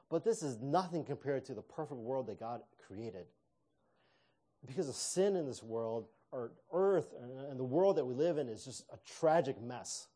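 A man's voice: medium pitch, lively intonation, moderate pace, warm tone. A man preaching a sermon in a conversational way, with fillers and restarts. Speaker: pastor.

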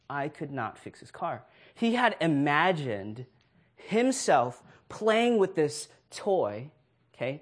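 A man preaching a sermon through a personal story, acting out voices and laughing as he goes. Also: a little high. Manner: animated storyteller who acts out voices and laughs.

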